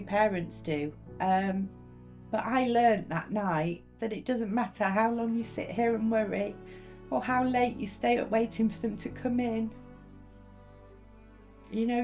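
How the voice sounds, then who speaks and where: A middle-aged mother speaking earnestly in a documentary interview, her voice mid-pitched and plain. She reflects slowly and sincerely, with faint music beneath. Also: darkish tone.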